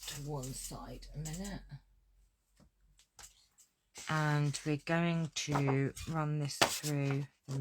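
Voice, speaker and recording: A woman's voice: low voice, background noise. A woman teaching a card-making tutorial, chatting to herself and scattered as she works. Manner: chatty, talks to herself while working, scatterbrained. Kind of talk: hands-on craft tutorial.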